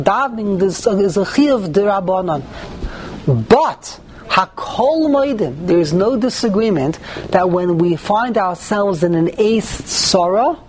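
A man's voice: high voice, a little mellow, slight background noise. A man teaching a Talmudic-style lesson, mixing English with Hebrew and Yiddish terms and rising sharply on key points. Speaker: Torah teacher. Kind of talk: Talmudic lecture.

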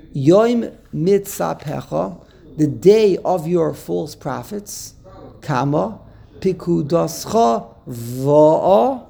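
A man's voice: a little high, gravelly, darkish tone. A man teaching a Torah text lesson, explaining step by step, quoting Hebrew verses and checking in with "okay?". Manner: checks in with "okay?", repeats words while thinking.

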